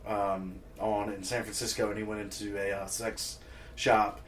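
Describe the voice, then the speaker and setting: A man appearing as a podcast guest, telling stories in a relaxed way and laughing often. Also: on the low side, normal speed, slight background noise. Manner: easygoing storyteller, laughs often. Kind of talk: casual chat.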